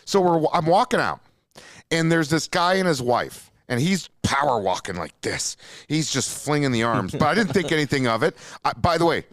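A man hosting a casual podcast, telling a story with lots of swearing. His pitch rises and falls a lot as he acts out what people said. The sound is close and dry, with no room around it. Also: moderate pace, no room sound. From Minnesota. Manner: animated, profane, jumps into acted-out quotes. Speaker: podcast host.

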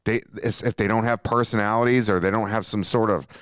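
A man's voice: fairly low pitch, brisk, no room sound, studio quality. A man from Minnesota hosting a podcast, telling a long story in a casual, profane way, and jumping into quotes he acts out. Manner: animated, profane, jumps into acted-out quotes. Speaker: podcast host.

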